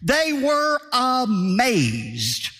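A man preaches with a high, bright voice that rises and falls with emphasis. He hammers home repeated phrases in a pastor's sermon cadence. A long reverb from a large hall trails behind each line. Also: wildly swooping pitch, drawn-out words, slightly rough, soft background music.

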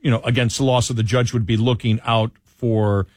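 A male radio host in a studio, rambling through banter and then reading a column aloud. His mid-pitched voice sounds dry and close, with hardly any room around it. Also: flat delivery, normal speed, a little mellow, dry recording. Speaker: radio talk show host. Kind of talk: casual talk radio banter and commentary. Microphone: studio headphones and mic.

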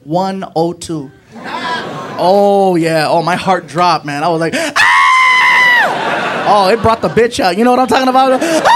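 A man doing stand-up, telling an animated road-trip story and acting out friends' voices. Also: noisy background. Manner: animated, acts out voices of friends with high shouts. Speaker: stand-up comedian. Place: comedy club stage with audience.

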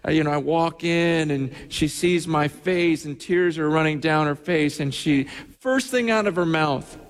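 A man's voice: on the high side, a little slow. A man preaching in a reverberant hall. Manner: animated storytelling with many restarts. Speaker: pastor. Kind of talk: sermon.

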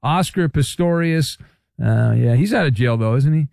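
A man's voice: on the high side, animated, gravelly, darkish tone, no echo, clean studio sound. A man hosting a sports radio show, reading listener answers and trading wry quips. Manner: wry, quick quips, fillers. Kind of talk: casual radio show banter.

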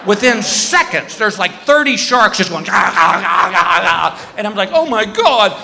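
A man doing stand-up storytelling on stage, loud and animated, acting out voices with yelps and shouts. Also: sits high, unhurried, creaky, heavy background noise. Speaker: stand-up comedian. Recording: live show in a hall with reverb.

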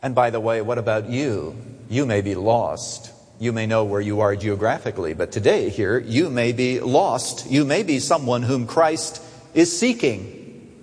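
Male preacher, husky and highly animated, soaring emphases and hushed asides, in a long-reverb church hall. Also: a little slow. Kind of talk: sermon. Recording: long echo of a large hall.

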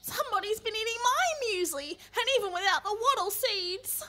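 A woman's voice: very high-pitched, expressive, moderate pace, sharp tone, pitched above the performer's own voice, exaggerated voice. A woman voicing a fussy mama koala with a whiny, cooing voice, reading a storybook. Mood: whining.

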